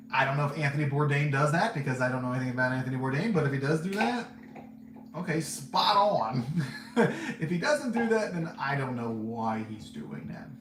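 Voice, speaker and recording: A man hosting a podcast, giving casual, candid movie reviews in a rambling way and laughing often. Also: fairly high pitch. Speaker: podcast host reviewing films. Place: seated indoors. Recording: roomy echo, faint background hum.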